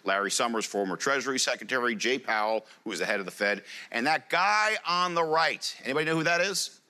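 Lively joking man presenting on stage. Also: mid-range voice, fairly quick. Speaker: conference speaker. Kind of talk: live presentation to an audience.

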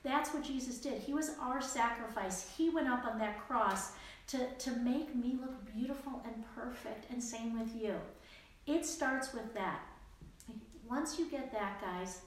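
A woman leads a casual Bible study, earnest and chatty, full of fillers and frequent sentence restarts. Her fairly high voice, a little slow, rings through a very echoey room over faint background noise.

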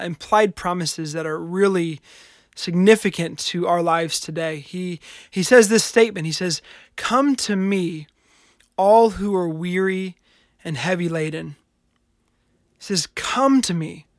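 A man's voice: high-pitched, no echo, clean studio sound. A man hosting a devotional podcast, teaching a Bible passage earnestly, often restarting his sentences.

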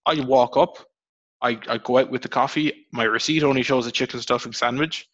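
A young Irish podcast host chats fast and casually, rambling and swearing through animated stories, his pitch leaping high whenever he's worked up. The audio is dry, echo-free, and a bit dull, like a cheap close mic.

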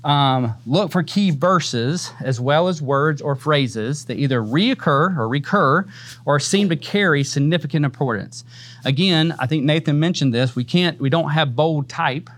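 A man with a slightly higher voice than most teaches a church Bible class. He talks casually and conversationally, often tagging his points with "man" and "right?". He breaks into easy laughter now and then. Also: a little slow, fairly bright tone.

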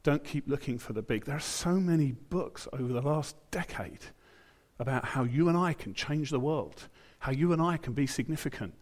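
A man's voice: fairly high pitch, animated, normal speed. A British man preaching a sermon in church, in a conversational way, with asides and quotes he acts out. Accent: British English.

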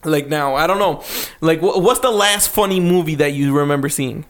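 A man's voice: a little high, moderate pace. A man in casual conversation with friends, telling stories animatedly and laughing often. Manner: animated storytelling, acting out quotes, laughs often. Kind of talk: casual chat.

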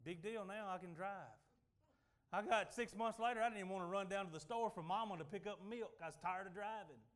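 A middle-aged man preaching a sermon, telling folksy stories and swinging from loud declarations to quiet asides. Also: sits high, fairly quick.

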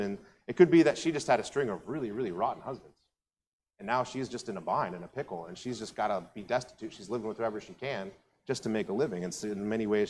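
A man, a pastor giving a sermon in a relaxed, conversational storytelling way, acting out the voices of the people in the story. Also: mid-range voice, long reverb tail, a little hiss or hum.

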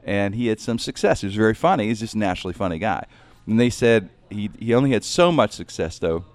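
A man's voice: lowish voice, lively intonation, fast. A man, a comedian, talking in a casual interview, rambling and reflective, often saying "man.".

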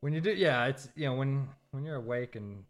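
A jet-lagged man chatting casually, rambling, with his voice jumping from loud bursts to low murmurs. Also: brisk. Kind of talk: casual chat.

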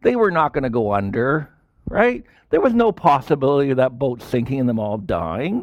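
A man preaching a sermon as a pastor, in animated style with sudden loud bursts and quiet drops. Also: medium pitch, moderate pace, dry recording, lo-fi sound.

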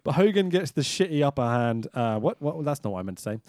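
A man's voice: mid-range voice, animated, fast, a little mellow, dry recording, studio quality. A man, co-hosting a podcast and recapping a movie in casual chat, sarcastic and swearing often. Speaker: podcast co-host.

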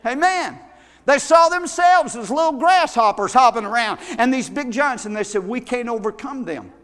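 A man preaches, his voice high and bright. He tells the story dramatically, dropping to a hush and rising to shouts. The sound carries the long echo of a hall. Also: expressive, moderate pace. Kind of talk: sermon. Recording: echoey hall.

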